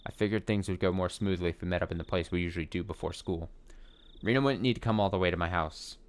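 Low-voiced man reading a visual novel. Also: quick pace, clean tone. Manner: expressive, swears when annoyed. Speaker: let's play streamer.

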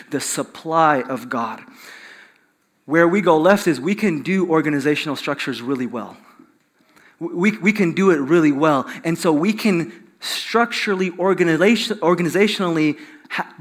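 A man's voice: medium pitch, a bit bright. A middle-aged man preaching a sermon in a church in a conversational way, with many fillers and repeated words. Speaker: pastor.

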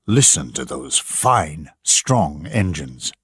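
A man's voice: very deep voice, big pitch swings, slow, a bit bright, breathy edge, pitched below the performer's own voice, exaggerated voice. A man voicing a confident, boastful ship passenger in an audiobook. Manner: assured, boastful. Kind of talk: audiobook character voice.

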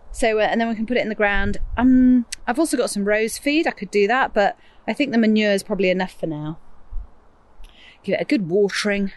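Woman host, middle-aged, from England, mid-pitched, chatty, self-mocking, outdoor garden recording. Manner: chatty, self-deprecating, rambling asides. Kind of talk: casual chat while gardening.

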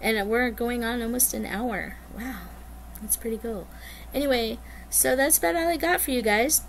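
Chatty, excitable woman vlogger. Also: fairly high pitch, normal speed, a little hiss or hum. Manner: chatty and rambling, bubbly and excitable. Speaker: cross-stitch vlogger. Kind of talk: casual chat to camera.

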